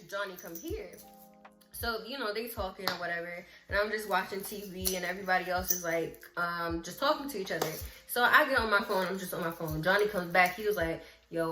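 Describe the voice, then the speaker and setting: A woman vlogger telling a story in casual chat, lively, acting out what people said and talking straight to her viewers. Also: fairly low pitch. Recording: roomy echo with faint music.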